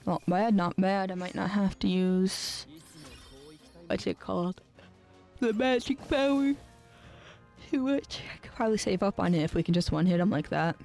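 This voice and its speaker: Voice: medium pitch, fairly even intonation, normal speed, creaky, a little mellow, soft background music. A streamer giving casual let's-play commentary, thinking aloud and muttering with some offhand swearing.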